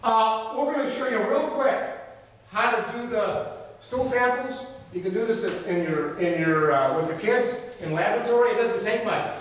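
A middle-aged man teaching a veterinary technology class, telling folksy, colloquial anecdotes in an animated way. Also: high voice, normal speed. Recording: echoey hall, voice from far off, faint noise.

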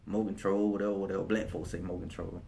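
A man's voice: low voice, level tone, very fast, gravelly, mellow. A man with a Birmingham, Alabama accent chatting casually in a vlog, laid-back and slangy, often restarting his sentences. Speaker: vlogger.

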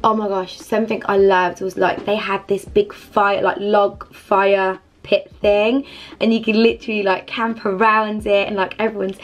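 A woman's voice: medium pitch, flat delivery, normal speed. A young woman chatting to camera as a Christian vlogger, effusive and rambling, with lots of "like" fillers. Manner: effusive, rambling, heavy use of "like". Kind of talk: casual chat to camera.

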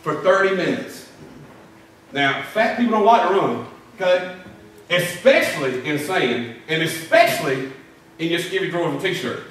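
A man's voice: a little high, animated, normal speed, a bit bright, a little hiss or hum. A middle-aged man preaching a sermon, telling folksy stories and doing drill-sergeant impressions. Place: church sanctuary. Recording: echoey church from far off.

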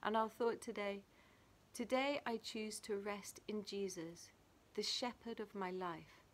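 Woman from England, devotional leader, gentle reflective reading, mid-pitched voice. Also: a little slow, a little hiss or hum. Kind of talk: daily devotional talk. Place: small garden playhouse. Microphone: camera video.

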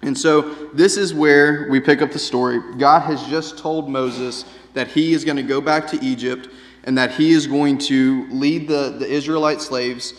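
In the long-reverberating space of a church sanctuary, a man gives a casual sermon, often asking "right?" as he talks. His mid-range voice stays steady, and his pace is a little slow.

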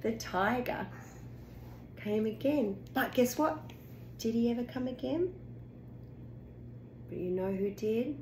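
Woman reading a picture book aloud, playful, high, lively voice, echoey room, faint background noise. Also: takes it slowly, pauses often. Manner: playful, gasping, laughing, very animated. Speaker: parent reading to a child.

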